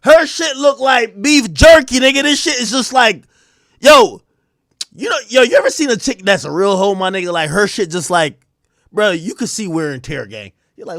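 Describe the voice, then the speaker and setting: Guy streamer going off at chat, real high voice, swoops all over, crude and loud in bursts. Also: moderate pace, no room sound, clean studio sound. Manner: animated, crude, bursts into shouting. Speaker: live streamer. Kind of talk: profane live-stream rant to chat.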